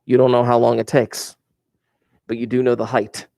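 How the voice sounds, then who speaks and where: A man teaching a high school math class, chatty and informal, who repeats key phrases to drive them home. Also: completely flat delivery, normal speed, vocal fry, mellow. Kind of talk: recorded classroom math lesson.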